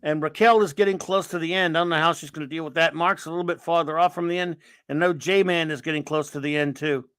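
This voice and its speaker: A man's voice: on the high side, fairly even intonation, fast, hardly any pauses, fairly bright tone, clear, resonant tone, dry recording. Rambling sarcastic man hosting a stream. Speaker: host of a live stream chat. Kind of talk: casual live stream chat.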